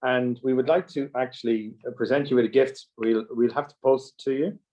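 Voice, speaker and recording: A man hosting an online Q&A, speaking haltingly with many restarts. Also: mid-range voice, steady tone, mellow. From Ireland. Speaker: host. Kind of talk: online talk Q&A. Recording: dull lo-fi audio.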